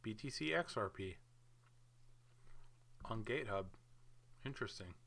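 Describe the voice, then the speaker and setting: A man's voice: on the low side, animated, measured pace, vocal fry, fairly bright tone. A man casually talking his viewers through crypto market charts in a chatty, hyped, offhand way. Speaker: crypto market video host. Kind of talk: casual screen-share commentary.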